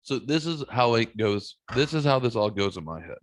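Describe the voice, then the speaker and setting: A man's voice: mid-range voice, expressive, normal speed. A man hosting a podcast in casual chat, self-deprecating and swearing freely as he vents. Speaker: podcast host.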